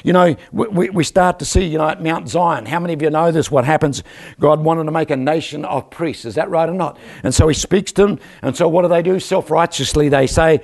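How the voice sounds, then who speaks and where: An older man preaching a lively church sermon, joking and calling out for amens from the congregation. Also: a little high, a little fast, vocal fry. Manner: animated, joking, calls for amens from the crowd. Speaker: guest preacher. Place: church service.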